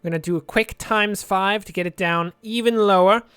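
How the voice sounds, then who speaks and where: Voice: medium pitch, fairly even intonation, a little fast, fairly bright tone, smooth, dry recording, studio quality. A let's play gamer giving chatty game commentary, thinking aloud and drifting into jokey tangents.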